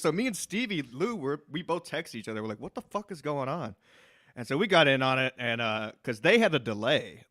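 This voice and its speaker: A man's voice: a little high, fairly bright tone, no echo, clean studio sound. A man co-hosting a casual podcast, rambling and swearing as he tells stories. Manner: rambling, profane, quick laughs. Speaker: podcast co-host.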